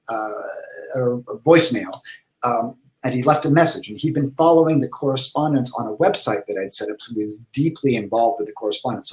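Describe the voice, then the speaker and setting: Man telling a comic story in an echoey room. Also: mid-range voice. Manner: casual, rambling, with fillers and restarts. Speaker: comedy performer and host. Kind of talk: comic storytelling on a live stream.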